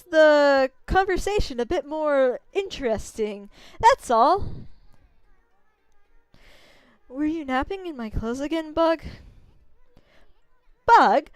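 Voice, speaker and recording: Cocky tiny male sprite voiced by a woman, high and brash, bragging and excitable, dry close recording. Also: dry recording, exaggerated voice. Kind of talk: game dialogue read aloud.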